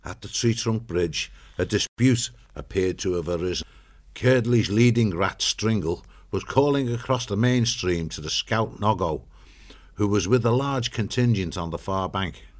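Low-voiced male storybook narrator. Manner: steady, measured storytelling.

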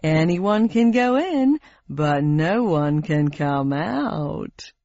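Sing-song beaming game show man, voiced by a woman, showy and slick, lively swoops, dull dry sound. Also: sits low, very slow, no echo, full character voice. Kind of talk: audiobook character voice.

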